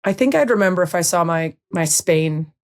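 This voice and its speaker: A woman's voice: lowish voice, animated. Chatty American woman hosting a podcast. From United States. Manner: chatty, joking, quick to laugh. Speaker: podcast host. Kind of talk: casual interview chat.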